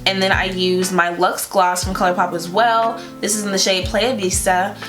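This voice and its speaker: A woman's voice: mid-range voice, flat delivery, normal speed. A young woman chatting casually through a makeup tutorial, playful and loose, with lots of fillers and small laughs. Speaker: beauty vlogger. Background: guitar music.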